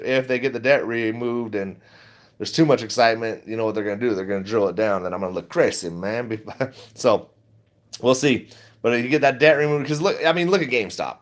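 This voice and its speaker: A man's voice: mid-range voice, fairly quick. A middle-aged man chatting casually on a livestream, rambling and laid-back, laughing often as he talks. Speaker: stock vlogger.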